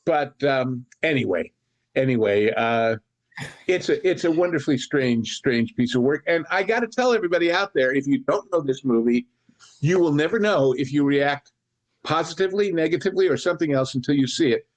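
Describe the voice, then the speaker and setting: Rambling, anecdotal man with a slightly high voice. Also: expressive, a little fast. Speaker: podcast co-host. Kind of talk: casual film discussion.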